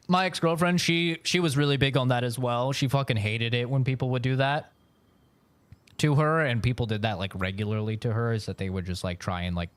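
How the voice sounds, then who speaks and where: Dude streaming from home, mid pitch, dry close mic, rambles on and swears a lot. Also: male voice, dry recording. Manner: loose, rambling storytelling with frequent swearing. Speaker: live streamer. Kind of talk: casual chat while gaming on stream.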